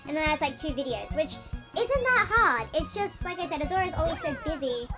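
A young woman hosting a gaming channel, giving excitable let's-play commentary with loud outbursts, squeals and rambling asides. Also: high-pitched, a little fast. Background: game music.

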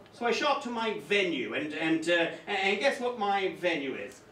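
Bright, high-voiced male stand-up comic. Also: normal speed. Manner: animated, swearing comic storytelling. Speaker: stand-up comedian. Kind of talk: live stand-up storytelling. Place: comedy club stage with audience. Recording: echoey club room, distant mic.

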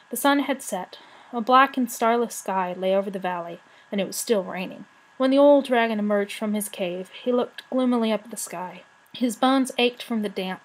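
A woman reading a children's fantasy novel aloud with expressive, measured narration. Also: medium pitch, low-quality recording.

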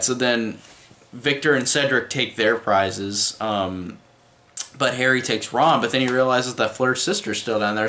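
A man's voice: medium pitch, bright, forceful tone, a little hiss or hum. A man giving a casual, rambling film review, full of fillers and restarts.

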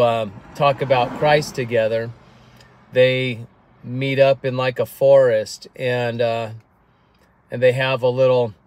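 Guy rambling to camera about a book, lots of um and restarts, dry close sound from earphone mic, middle pitch. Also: darkish tone, no echo. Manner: rambling, halting, with many restarts and fillers. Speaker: vlogger reviewing a book. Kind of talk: casual talk to camera. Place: outdoors on windy clifftop.

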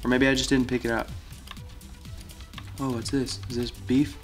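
A man's voice: medium pitch, little pitch movement, moderate pace, faint music behind. A man playing a block-building game, chatting casually and thinking aloud as he plays. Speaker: Minecraft player. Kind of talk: casual gameplay chat.

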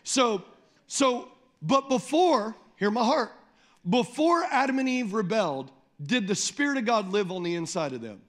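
A man preaching a sermon as pastor, emphatic, repeating phrases, calling on the congregation and slowing down to read scripture. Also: sits high, expressive. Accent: Midwestern American. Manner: slows down and lifts the voice when reading scripture.

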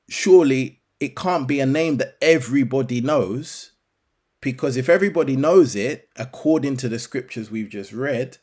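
Slow, deliberate man teaching scripture. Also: medium pitch, darkish tone, breathy edge. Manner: deliberate, rhetorical questions to the listener. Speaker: bible teacher.

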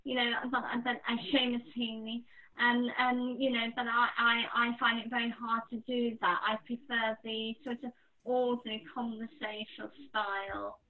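A chatty woman poet speaking as an interview guest, with plenty of ums along the way. Her voice sits a little high, and the recording sounds thin and phone-like. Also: flat delivery, moderate pace. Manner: chatty, with many fillers. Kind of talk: casual interview talk. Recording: tinny phone-like line.

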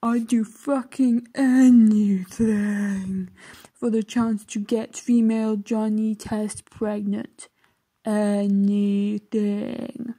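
A woman voicing a lustful, obsessive male internet poster, reading his post in an overwrought, drawn-out way. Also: a little high, warm tone, breathy edge. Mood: anguished.

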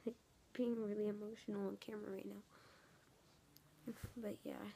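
A woman vlogging in an earnest, emotional way, with a slight gravelly edge. Her tone is mellow and warm rather than bright. She slips between plain talk and a soft half-whisper, circling back to the same phrases. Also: mid-range voice, little pitch movement, normal speed, a little hiss or hum. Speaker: YouTuber. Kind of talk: emotional casual vlog. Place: home in San Francisco.

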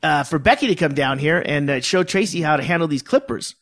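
A man with a slightly high voice chatting on a casual podcast. He pokes fun at himself and circles back through restarts and fillers as he talks. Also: expressive, fairly quick, fairly bright tone. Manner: self-deprecating, many restarts and fillers. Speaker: podcast co-host. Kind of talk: casual chat.

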